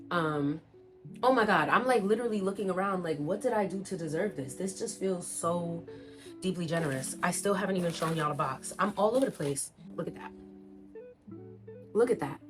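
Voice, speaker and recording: A young woman vlogging casually as she unboxes plant mail, gushing and excitable as she talks straight to her viewers. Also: lowish voice, brisk, music in the background.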